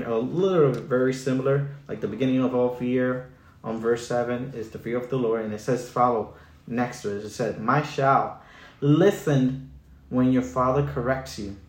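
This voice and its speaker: A man's voice: mid-range voice, moderate pace. A man who is a church leader, speaking earnestly in a podcast chat, quoting scripture and dropping in Spanish words. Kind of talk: conversational teaching with scripture. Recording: roomy echoey room.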